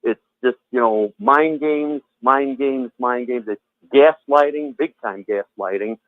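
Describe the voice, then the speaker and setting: A man's voice: mid-range voice, measured pace, dry recording. A man, a former Jehovah's Witness, talking in a heated conversation, rambling and repeating himself with blunt, profane words. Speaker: former Jehovah's Witness sharing his story. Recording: tinny phone-line audio, dry.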